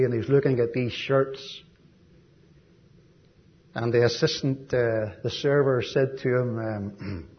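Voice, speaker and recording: An Irish man delivers a sermon as a visiting preacher, gentle and folksy, with frequent ums and asides. His voice sits in the mid range, and the sound is lo-fi.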